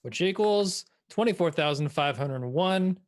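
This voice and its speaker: A man's voice: on the high side, animated, a little slow. A man playing in a tabletop game, chatting casually and rambling with lots of fillers. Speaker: player and composer. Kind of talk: casual chat.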